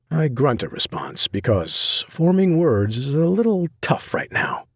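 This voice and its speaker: A man narrating a dark romance audiobook in the first person, intense and grave. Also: on the high side, big pitch swings, measured pace, hardly any pauses, dry recording, clean studio sound.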